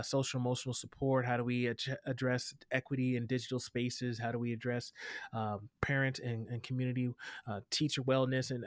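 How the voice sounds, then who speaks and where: A man answering an interviewer's questions as an equity educator, earnest and animated, often restarting his sentences. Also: medium pitch, dry recording, studio quality. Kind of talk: interview conversation.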